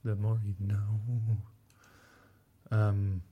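A man's voice: lowish voice, completely flat delivery, extremely slow, phone-quality sound. A young man co-hosting a casual podcast chat, making dry, wry asides with many ums. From New Zealand. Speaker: podcast co-host.

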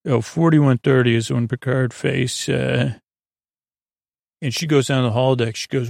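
A man's voice: medium pitch, steady tone, normal speed, creaky, a little mellow, no room sound, clean studio sound. A man hosting a sleep podcast, loosely retelling a TV episode in a rambling, casual way with lots of fillers. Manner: loose, filler-heavy retelling, "he goes, she goes". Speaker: podcast host.

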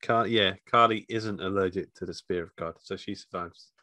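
A man's voice: low voice, moderate pace, sharp tone, no room sound. A man co-hosting a casual film review chat, rambling with many "like"s. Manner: rambling, full of "like". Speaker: podcast co-host.

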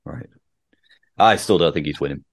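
A man's voice: very deep voice, normal speed, gravelly, breathy edge, dry recording. A British man co-hosting a casual wrestling chat, blunt and sweary with frequent ums.

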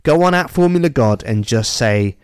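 A man's voice: medium pitch, expressive, normal speed, clean tone, dry recording, clean studio sound. A man co-hosting a comedy podcast, chatting casually and spinning playful, silly riffs. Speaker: podcast co-host.

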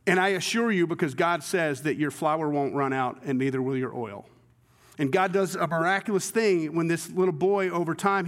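A male pastor with a high voice preaches a sermon, telling the story with energy and acting out the voices of its characters. His voice rings with the long reverb of a large church hall.

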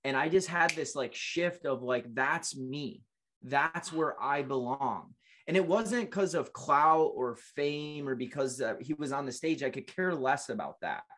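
A man's voice: medium pitch, unhurried, a bit bright. A man in his late twenties, a guest in an interview, telling his life story in an earnest, emotional way with frequent restarts. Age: late 20s.

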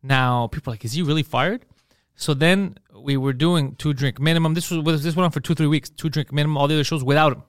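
A podcast host with a voice pitched a little high tells a story in a rush of animated, foul-mouthed chat. He keeps tossing in bro and dude. The sound is close and dry, with no room around it. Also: quick pace, hardly any pauses, smooth, no room sound.

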